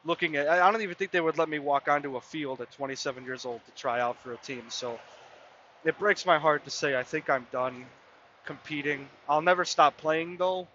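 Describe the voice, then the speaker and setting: Brisk and sharp, this man's fairly high voice belongs to a podcast host in his mid-twenties. He spins a casual, wandering story, leaning often on "I mean" and "you know." The highs are cut off and there's slight background noise.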